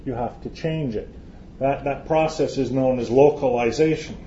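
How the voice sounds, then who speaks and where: A man's voice: medium pitch, moderate pace, warm tone, slight background noise. A man from Canada, giving a joking, chatty lecture to a live audience and often restarting his phrases. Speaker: conference speaker. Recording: roomy, dull hall recording.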